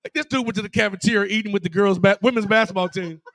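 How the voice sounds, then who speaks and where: Racing along in a high-pitched voice, this man is a former college player turned guest broadcaster swapping stories at a bar's live show. He's animated and mimics the voices of the people he quotes, and the recording is dry.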